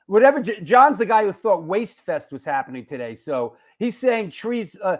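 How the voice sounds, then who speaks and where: A man from New York hosting a live show, chatting casually, joking and giving shout-outs to viewers. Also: high voice, lively intonation, normal speed, few pauses. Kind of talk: casual live-stream chat reading viewer comments.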